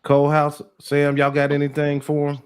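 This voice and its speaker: A man hosting a casual podcast, mostly giving short relaxed replies. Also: on the high side, normal speed, smooth.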